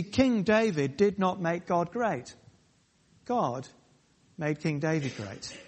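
Emphatic preacher in a reverberant hall. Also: male voice, high voice. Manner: emphatic, repetitive, pausing phrases. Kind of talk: sermon.

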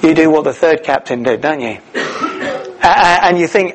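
A middle-aged man preaching a sermon, telling the story in a lively way with many "uh"s and restarts. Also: a little high, fairly quick, a little hiss or hum, low-quality recording. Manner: animated storytelling with many fillers.

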